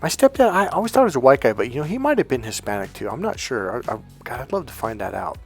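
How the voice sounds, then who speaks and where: A man's voice: medium pitch, big pitch swings, fast talker, husky, faint music behind. A man, a life coach, telling a story to his viewers in a rambling, chatty way full of fillers and restarts. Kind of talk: casual storytelling monologue to viewers.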